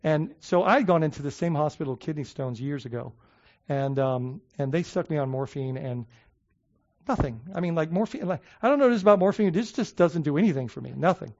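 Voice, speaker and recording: A male pastor tells his story in a rambling, chatty way full of "like" and "um." His voice sits a little high for a man. When he reaches his main points he slows down and leans on each word, and the recording sounds a bit dull and lo-fi. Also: animated, darkish tone. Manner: conversational storytelling with many fillers and restarts. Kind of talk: sermon.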